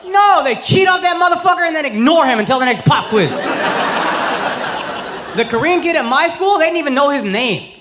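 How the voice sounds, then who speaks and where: A man's voice: extremely high pitch, expressive, a little fast, heavy background noise. A man in his thirties performing a stand-up set on stage, brash and profane, with a mocking delivery. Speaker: stand-up comedian. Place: comedy stage before a live audience. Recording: live show with loud crowd laughter.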